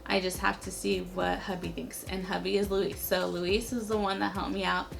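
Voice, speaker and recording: Young woman vlogging, super chatty, says like constantly, kinda gravelly fry, soft music behind. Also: mid-range voice, level tone, normal speed. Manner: chatty, leans heavily on "like" fillers. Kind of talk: casual storytelling to camera.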